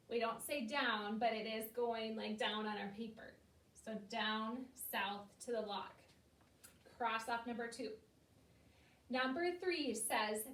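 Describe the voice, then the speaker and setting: A woman's voice: on the high side, fairly bright tone, distant mic. A woman teacher giving patient, step-by-step instructions to young children in a recorded lesson. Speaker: elementary school teacher. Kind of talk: recorded remote classroom lesson. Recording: echoey room, voice off from the mic.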